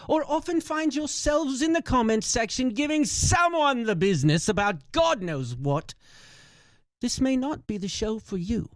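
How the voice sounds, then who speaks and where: A man voicing a pompous mock-British gentleman announcer with a mock-formal, mischievous delivery. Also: very high-pitched, no echo, voice pushed up. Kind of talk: comic scripted announcement.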